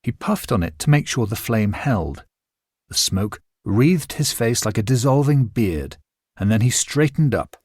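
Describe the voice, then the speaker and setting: A male narrator reads a novel aloud with a lively, rising and falling delivery at a middle pitch. His measured storytelling keeps the images clear. The recording is close and very dry. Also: no room sound. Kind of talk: scripted narration.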